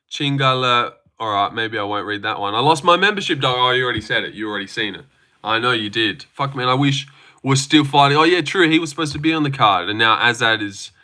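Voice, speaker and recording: A man's voice: mid-range voice, bright, forceful tone. A young Australian man hosting a livestream, chatting casually, joking and swearing as he reads out viewer comments. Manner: laid-back, joking, profane. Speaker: livestream host. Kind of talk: casual live chat reading comments.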